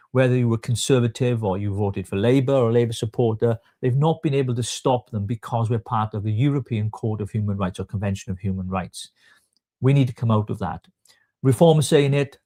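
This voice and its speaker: A man's voice: mid-range voice, warm tone. A man with a Welsh accent co-hosting a casual political chat, teasing his co-host and turning firm when he talks politics. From South Wales.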